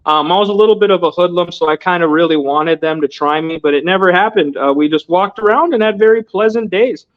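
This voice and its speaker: A man's voice: high voice, quick pace, hardly any pauses. A young man in his twenties, a guest telling his story in a casual interview, loose and earnest with lots of filler words. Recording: dull lo-fi audio.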